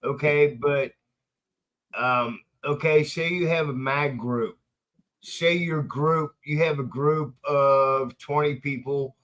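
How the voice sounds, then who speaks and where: A man's voice: a little high, fairly even intonation, takes it slowly, fairly bright tone. A man in a casual chat laying out an emphatic hypothetical scenario.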